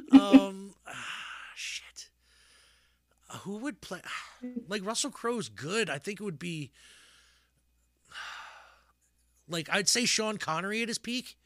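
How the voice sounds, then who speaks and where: A man's voice: sits high, no echo. A man co-hosting a casual podcast chat, rambling with lots of fillers, restarts and frequent laughter. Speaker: podcast co-host.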